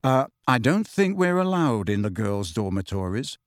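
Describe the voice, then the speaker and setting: A man reading aloud and voicing a tense, angry teenage boy wizard who speaks low and clipped. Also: big pitch swings, normal speed, no room sound, studio quality, lightly acted. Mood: sheepish.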